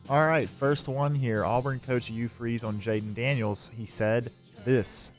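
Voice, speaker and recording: A man's voice: medium pitch, fairly even intonation, measured pace, hardly any pauses, faint music behind. A man co-hosting a sports radio show, reading segment prompts in a matter-of-fact way. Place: radio studio.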